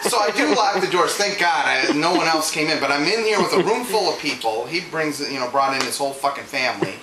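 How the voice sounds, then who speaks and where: Animated, swearing man telling a story. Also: on the high side, quick pace. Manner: animated, profane, laughing ranting. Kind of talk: casual anecdote. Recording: echoey room with background noise.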